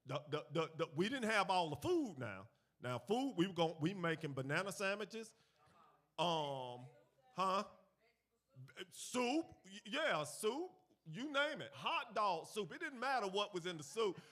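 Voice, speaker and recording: Unhurried and sitting high, this man's voice leads a congregation through a finance sermon at a church gathering. He swings between quiet and loud as he tells animated stories, repeats key phrases, and leads call-and-response.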